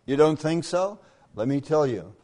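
An older man preaching a camp meeting sermon in a folksy storytelling manner, often clearing his throat. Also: a little high, expressive, moderate pace, a little mellow.

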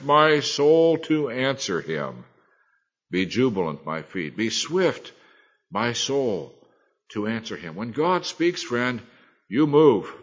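A man preaching a sermon, earnest and emphatic, swinging between loud and soft. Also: mid-range voice, dull audio.

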